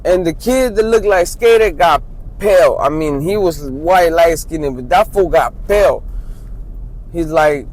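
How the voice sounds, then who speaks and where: Guy tellin a street story, kinda high voice, slangy, keeps saying right?. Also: unhurried, rough recording. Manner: street slang, loose restarts, frequent "right?" asides. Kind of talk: casual personal storytelling.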